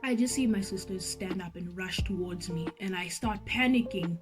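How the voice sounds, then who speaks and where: A woman telling a story to her viewers in a lively, animated vlog, speaking straight to the audience. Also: lowish voice, moderate pace, music in the background. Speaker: vlogger and singer.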